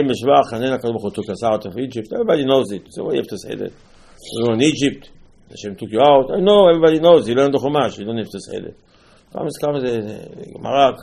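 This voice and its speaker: A man gives an animated Passover sermon as a Torah teacher, full of rhetorical questions and repeated phrases. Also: mid-range voice, creaky.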